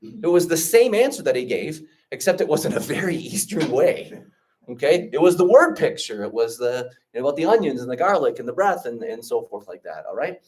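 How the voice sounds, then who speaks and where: A man leading an orientation talk, telling stories in an animated way and checking in often with his listeners. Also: medium pitch, brisk, distant mic. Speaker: trip leader and teacher.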